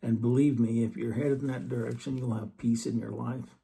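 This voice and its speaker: A man giving an earnest scripture study talk, reading verses slowly and then explaining them. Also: medium pitch, steady tone, gravelly, warm tone. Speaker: religious teacher.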